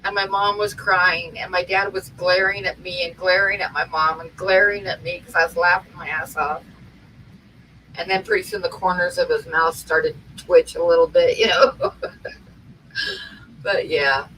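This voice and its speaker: A woman's voice: lowish voice, fairly even intonation, normal speed, fairly bright tone. A middle-aged woman from Oregon telling rambling anecdotes in casual chat, often breaking into laughter. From Oregon, USA. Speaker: co-host. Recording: distant mic with faint noise.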